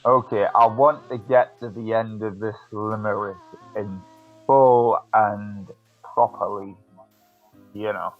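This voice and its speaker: A man reciting a limerick in full during a casual online chat, in a slow, deliberate way. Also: lowish voice, steady tone. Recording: dull lo-fi mic, faint music.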